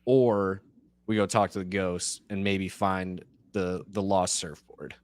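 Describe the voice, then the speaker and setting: A man's voice: low voice, little pitch movement, slow, clean tone. A man playing a tabletop game, eagerly planning aloud. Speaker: player. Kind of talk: casual tabletop play.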